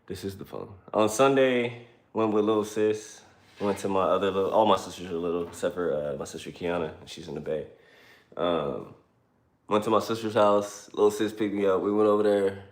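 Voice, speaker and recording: A man with a low voice speaks at normal speed, spinning a lengthy, meandering and foul-mouthed story during a car livestream. It's casual storytelling with a roomy echo on the recording.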